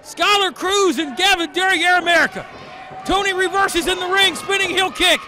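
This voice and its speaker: A man calling a wrestling match as play-by-play commentator, often shouting and exclaiming as the action unfolds. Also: extremely high pitch, moderate pace, a crowd in the background. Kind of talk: excited live play-by-play commentary.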